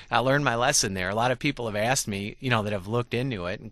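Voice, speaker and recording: A man's voice: medium pitch, a little fast, fairly bright tone, dry recording, studio quality. A man in his forties from Michigan, a former legislator and radio guest, telling his story candidly and with self-deprecating humor, often restarting his sentences.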